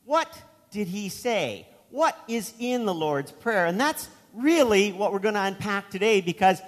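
A man's voice: sits high, big pitch swings, a little slow, in a large hall. A man preaching a sermon as pastor, telling a story in a conversational way with asides.

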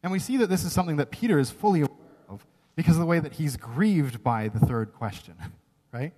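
A man's voice: fairly high pitch, expressive, brisk, dark tone. A man preaching a sermon, earnest and emphatic, often checking in with "right?". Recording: long reverb of a large hall.

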